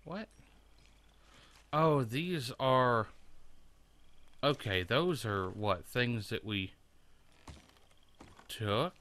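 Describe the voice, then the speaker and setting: A man's voice: medium pitch, animated, extremely slow, long pauses, fairly bright tone, a little hiss or hum. A man hosting a let's play, casually thinking aloud and swearing as he plays. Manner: profane, rambling, thinking aloud. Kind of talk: casual gameplay commentary.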